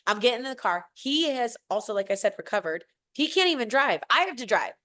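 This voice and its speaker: A woman's voice: a little high, very animated, a little fast, hardly any pauses, fairly bright tone. A woman in her forties, a podcast guest, telling a personal story in casual chat, emotional and gushing, acting out what others said. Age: 40s.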